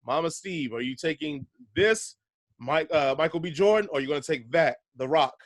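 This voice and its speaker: A man's voice: a little high, animated, normal speed, dry recording. A man hosting a casual podcast, chatty and laid-back, laughing easily between points. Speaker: podcast host.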